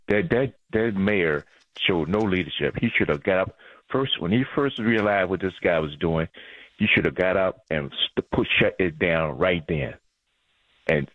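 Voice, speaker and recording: A man's voice: low-pitched, no echo. A man calling in to a radio show, earnest and preachy, stumbling over restarts. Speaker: radio caller. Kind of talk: call-in comment. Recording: tinny phone line.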